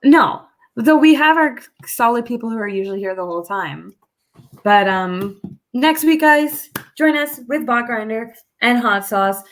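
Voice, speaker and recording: A Canadian woman hosting a casual livestream chat show, chatty and quick to laugh as she wraps up the episode. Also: a little high, lively intonation. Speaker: podcast host.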